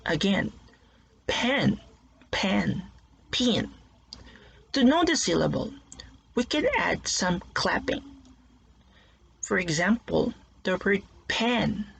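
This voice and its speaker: A teacher giving a recorded lesson to young pupils, slowly sounding out words syllable by syllable. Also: mid-range voice, vocal fry, fairly bright tone, breathy edge, rough recording.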